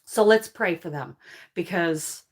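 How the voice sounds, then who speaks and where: A woman's voice: on the low side, unhurried. A woman hosting a casual livestream and answering viewer comments, emphatic and emotional, often apologizing and laughing between points. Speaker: crochet livestream host.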